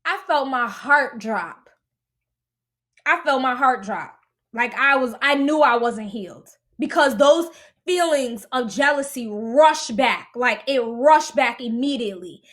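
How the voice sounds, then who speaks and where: A woman hosting a podcast, sharing her own story with a high voice. She talks in a very animated way, her pitch leaping around as she acts out each voice in the conversation. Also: unhurried. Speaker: podcast host. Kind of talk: personal storytelling.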